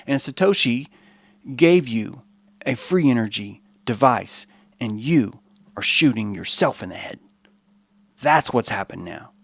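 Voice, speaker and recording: A man hosting a podcast, giving an animated, profane, rambling monologue. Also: mid-range voice, no echo. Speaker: podcast host.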